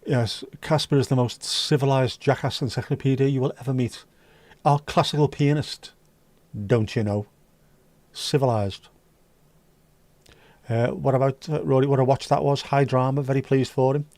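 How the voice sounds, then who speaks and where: A man's voice: medium pitch, fairly even intonation, normal speed, darkish tone, no echo. A man hosting a casual livestream, chatting with viewers in sweary, joking banter. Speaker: livestream host reading chat. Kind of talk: casual chat.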